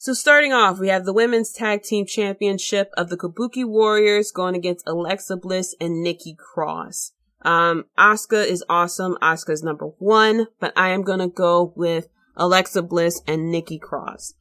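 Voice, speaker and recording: A woman's voice: on the low side, steady tone, normal speed, fairly bright tone. A woman hosting her own podcast, talking casually in a chatty, rambling way with lots of fillers and restarts. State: tired, late at night. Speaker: podcast host. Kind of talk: casual solo podcast talk.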